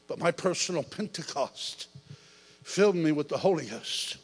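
A man preaching a lively sermon, telling his testimony with shouts, jokes and laughter. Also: on the high side, normal speed, breathy edge, in a large hall.

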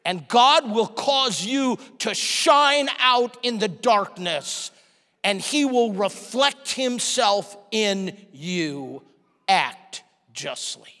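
A man preaching a sermon, telling a story and acting out the people in it with animated delivery. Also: sits high, extremely slow. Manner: animated, acts out quoted people. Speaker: pastor. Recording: long hall reverb.

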